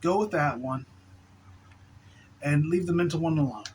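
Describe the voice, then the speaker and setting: A man giving a relaxed spiritual talk on video, laughing softly now and then and restarting his sentences. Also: a little high, moderate pace, slight background noise, rough recording. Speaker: spiritual teacher.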